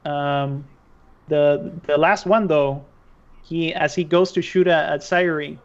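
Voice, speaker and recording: A man's voice: a little high, steady tone, slow pace. A man narrating a tabletop game as game master, hesitant with many fillers. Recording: dull lo-fi stream audio.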